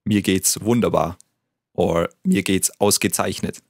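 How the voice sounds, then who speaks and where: A man's voice: deep voice, unhurried, no room sound, clean studio sound. A man whose first language is German, patiently teaching and modelling pronunciation in a lesson.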